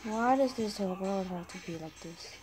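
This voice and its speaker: A woman's voice: mid-range voice, normal speed, over music, poor audio. A young woman giving casual running commentary on a video game, chatting to viewers and often apologizing to them. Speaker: gaming channel host.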